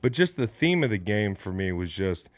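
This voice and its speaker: A low-pitched man in his late thirties hosts a casual sports talk show. He is animated and joking, swears freely, and sounds close and dry with no room around him. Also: moderate pace, no room sound. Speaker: podcast host.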